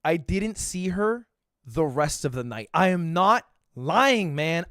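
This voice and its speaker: A man in his twenties telling a story on a livestream in an animated, profane, self-deprecating way. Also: on the high side, slow pace, no room sound, studio quality. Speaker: streamer.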